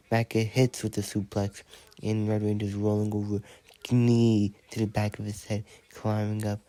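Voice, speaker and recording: A man who is sick and speaking low, giving play-by-play wrestling commentary and counting out the pins. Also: warm tone, no echo. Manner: counts pins aloud and announces winners.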